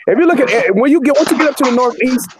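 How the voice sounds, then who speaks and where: A man's voice: very high-pitched, racing, noisy background. A man hosting a casual chat. He talks emphatically and repeats phrases as he builds his point. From Northern California. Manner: animated, repeats himself, emphatic. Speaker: host.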